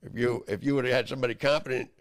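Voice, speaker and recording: A man delivering a heated, rambling monologue, profane and swinging into loud outbursts. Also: medium pitch, steady tone, quick pace. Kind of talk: angry ranting monologue.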